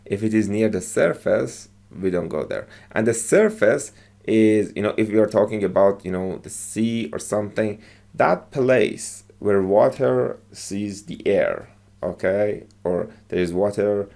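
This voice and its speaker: A man's voice: on the low side, vocal fry, a little mellow. A man teaching English by explaining short movie lines, patiently repeating phrases and checking with "okay?".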